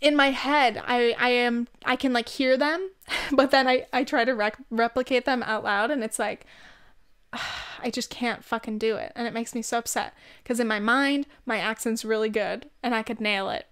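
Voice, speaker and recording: A woman's voice: on the high side, fairly even intonation, normal speed, fairly bright tone, smooth. A young woman with a Californian accent rambling and swearing freely in a casual chat, speaking close to the mic. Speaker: vlog host.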